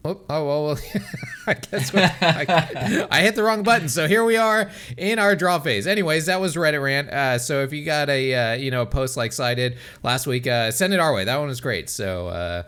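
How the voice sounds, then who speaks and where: A man's voice: on the high side, normal speed, fairly bright tone, clean tone. A man co-hosting a casual podcast, ranting and laughing often between phrases. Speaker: podcast co-host.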